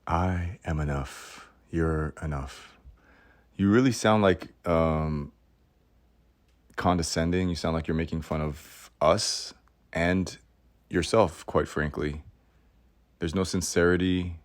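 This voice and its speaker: A man with a very low voice hosts a podcast, talking through a reflective monologue. He is earnest and questions himself, with wry asides and frequent restarts. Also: steady tone, slow, pauses often. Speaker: podcast host.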